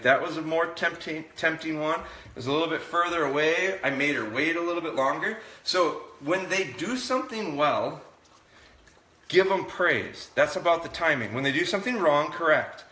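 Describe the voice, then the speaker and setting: A man talking viewers through a live dog training session in a relaxed, explaining way, indoors. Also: on the high side, normal speed, echoey room.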